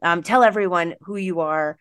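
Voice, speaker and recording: A woman's voice: on the low side, moderate pace, a bit bright, clean tone. A woman hosting a podcast in casual chat, bubbly and rambling with lots of filler words. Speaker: podcast host.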